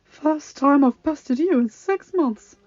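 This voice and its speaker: A woman's voice: expressive, moderate pace, darkish tone. Woman voicing an anxious, earnest young man. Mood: teasing. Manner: rising pitch, emphatic. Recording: dull lo-fi recording.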